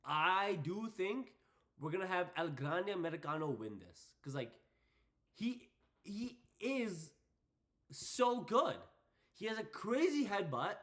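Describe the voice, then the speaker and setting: A young man hosting a casual wrestling predictions vlog, excitable and hyping things up with repeated phrases. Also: high voice, slow pace. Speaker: wrestling channel host.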